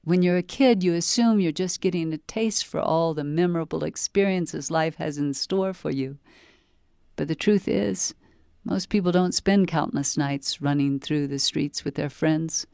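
Smooth, dry-voiced first-person book reader. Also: mid-range voice, a little slow, darkish tone, no room sound. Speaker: reader of a book excerpt for a library promo. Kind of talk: scripted first-person audiobook-style reading.

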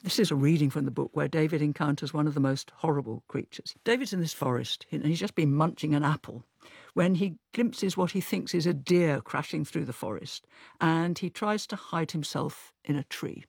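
Gravelly-voiced male interviewer. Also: fairly high pitch, moderate pace, darkish tone, dry recording, clean studio sound. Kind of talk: interview questions.

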